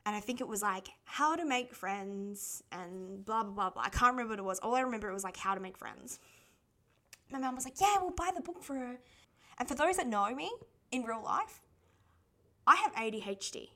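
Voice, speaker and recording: A woman's voice: mid-range voice, expressive, fairly quick, bright, forceful tone. A young adult Australian woman hosting a podcast, telling personal stories in a candid, casual way. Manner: chatty and candid, laughs often while telling stories. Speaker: podcast host.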